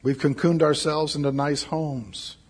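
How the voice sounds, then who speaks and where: A man's voice: fairly high pitch, steady tone, measured pace, darkish tone, husky. A man preaching a sermon, emphatic and repeating his key phrases. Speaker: pastor.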